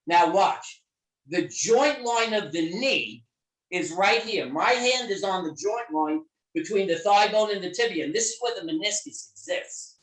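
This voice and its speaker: A middle-aged man telling a story in an interview, animated and emphatic, swearing freely. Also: high voice, measured pace, far from the mic. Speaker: guest therapist. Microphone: video call. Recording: echoey room on a video call.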